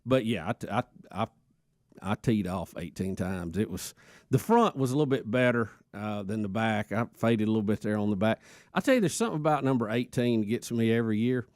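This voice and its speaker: A man co-hosting a radio show, recounting stories in a relaxed, chatty way. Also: on the low side, brisk, no echo, studio quality. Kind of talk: casual morning show chat.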